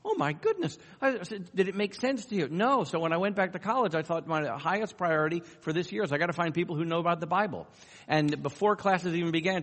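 A man giving a conference talk, telling a story with lots of fillers and acting out the dialogue. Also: fairly high pitch. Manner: animated storyteller, acts out dialogue, many fillers. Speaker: conference speaker. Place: conference hall. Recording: long reverb of a hall.

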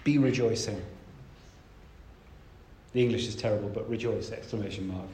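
A man's voice: lowish voice, fairly even intonation, normal speed, dark tone, reverberant. A man preaching a sermon in a conversational, emphatic way, stressing key words.

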